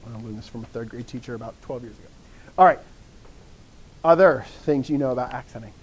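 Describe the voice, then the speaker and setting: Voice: medium pitch, brisk, breathy edge, rough recording. A teacher giving a classroom lecture in a room with students, encouraging the class, often quizzing them and repeating key phrases. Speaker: Greek teacher.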